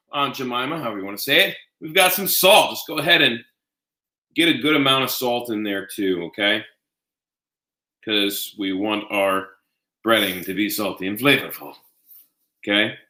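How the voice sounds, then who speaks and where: Casting: male home-cook host, bright forward voice, chatty and folksy, echoey kitchen sound. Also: on the high side. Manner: chatty, folksy, talks to viewers directly. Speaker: home cooking show host. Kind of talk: casual live cooking demonstration.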